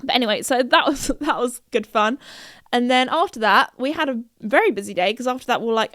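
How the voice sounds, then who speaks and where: A young British woman tells a holiday story on her podcast in a rambling, giggly way. Her voice sits fairly high and comes across smooth and clear. The sound is dry and close, with no room around it. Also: animated, brisk, a bit bright, no echo. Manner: chatty, giggly, full of fillers and restarts. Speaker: podcast host. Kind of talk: casual chat.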